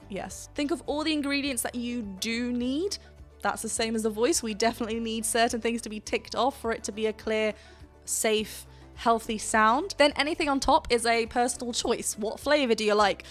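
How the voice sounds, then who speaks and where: A woman's voice: fairly high pitch, normal speed, faint music behind. A woman vocal coach reacting to a song and explaining singing technique in an enthusiastic, explanatory way, laughing often.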